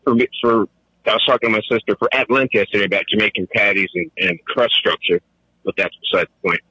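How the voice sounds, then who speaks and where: A middle-aged man calling in, telling casual stories with animated, laughing delivery and quick jumps into a high voice for quoted lines. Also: creaky, husky, no echo, low-quality recording. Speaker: caller. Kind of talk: casual storytelling.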